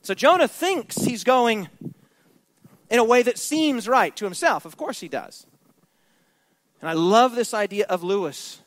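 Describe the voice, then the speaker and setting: High-voiced emphatic male preacher. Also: animated, unhurried, pauses often, no room sound. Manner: emphatic, rhetorical questions to the congregation. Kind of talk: sermon.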